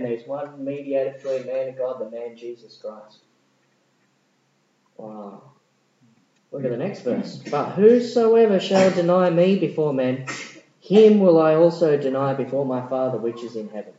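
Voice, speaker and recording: Animated preacher in an echoey room. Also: male voice, mid-range voice, moderate pace, slight background noise. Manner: animated, swings from loud exclamations to hushed asides. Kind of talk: sermon. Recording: dull echoey room recording.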